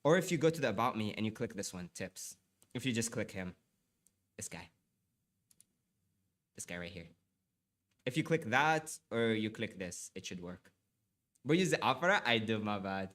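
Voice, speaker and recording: A man's voice: fairly low pitch, animated, normal speed, pauses often, fairly bright tone. A young man livestreaming and chatting with viewers, often apologizing, stammering and repeating himself, a little stuffy from allergies. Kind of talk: casual live stream chat and reading aloud.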